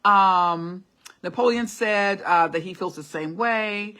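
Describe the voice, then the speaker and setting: Reading live comments in a relaxed motivational talk, a middle-aged woman hosts the stream, encouraging her audience with brief repeated urgings and frequent laughter. Her medium-pitched voice is smooth, pushed and bright, and she takes her time, sounding like a classically trained singer.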